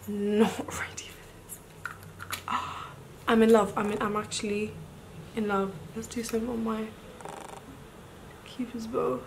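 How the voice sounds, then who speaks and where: A young woman, chatting to camera through a makeup tutorial. She gushes excitedly, often gasping and breaking into breathy exclamations. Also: a little high, slight background noise, rough recording. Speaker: beauty vlogger.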